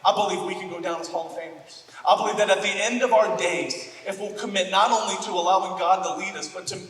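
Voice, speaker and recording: A man's voice: high voice, fast talker, fairly bright tone, reverberant, big-room sound, distant mic, low-quality recording. A man from Florida preaching a sermon as pastor, joking and self-deprecating as he tells stories. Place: church auditorium.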